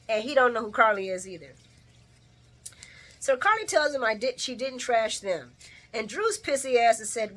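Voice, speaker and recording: Woman vlogger, bright tone, fired-up casual recap, speaks straight to camera and calls viewers y'all. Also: on the high side, normal speed, long pauses, slightly rough. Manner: heated, animated, profane, addresses viewers as y'all. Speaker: soap opera recap vlogger. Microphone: camera mic.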